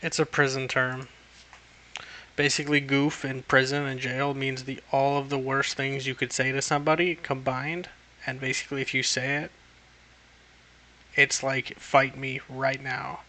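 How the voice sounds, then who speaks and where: A man's voice: medium pitch, little pitch movement, moderate pace, pauses often, bright, forceful tone. A young man chatting casually on a livestream, rambling and swearing constantly.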